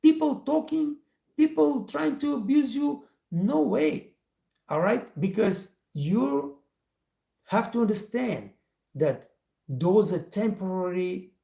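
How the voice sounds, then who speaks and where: A man's voice: high-pitched, warm tone, roomy sound. A man hosting a training channel, telling a motivational story and speaking straight to his viewers in emphatic, non-native English. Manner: emphatic, addresses listeners directly, non-native English phrasing. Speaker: host, restaurant trainer.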